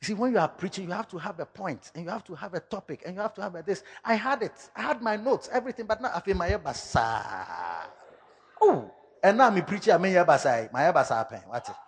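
A male pastor preaching a sermon in an animated way, slipping into local-language phrases and bursting into sudden shouts. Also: high voice, quick pace, breathy edge, in a large hall.

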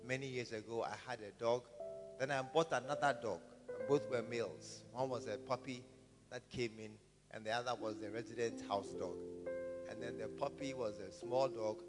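Male pastor, mid-range voice, storytelling sermon, calls for amens; reverberant church, guitar behind. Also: medium pitch. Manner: storytelling preacher, repeats phrases, calls for amens. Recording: reverberant hall with guitar music.

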